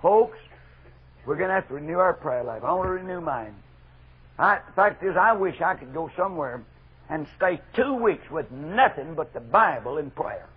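A middle-aged man preaching a fervent revival sermon, moving from loud exhortation to hushed asides. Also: on the high side, animated, moderate pace, slightly rough. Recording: dull lo-fi archival sermon recording.

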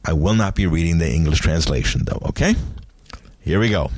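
A man teaching a recorded language lesson, explaining grammar deliberately and repeating each example word for pronunciation practice. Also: low voice, lively intonation, dry recording.

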